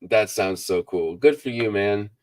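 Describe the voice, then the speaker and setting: Low-voiced man hosting a casual live chat. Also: measured pace. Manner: rambling, reads viewer comments aloud. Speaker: book review channel host.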